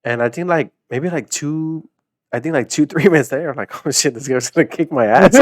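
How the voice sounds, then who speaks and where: A man's voice: fairly high pitch, brisk, dry recording, clean studio sound. A young man, a guest on a podcast, telling stories in a rambling, casual way full of fillers and laughter. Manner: rambling storyteller, many fillers, laughing often. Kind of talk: casual chat.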